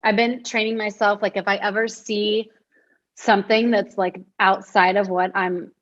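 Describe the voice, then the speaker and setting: A woman's voice: mid-range voice, flat delivery, normal speed, a bit bright. A woman podcast host muses reflectively, working through her thoughts with plenty of fillers. Her voice comes through a little dull and muffled. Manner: reflective, talks through ideas with many fillers. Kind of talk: casual podcast conversation.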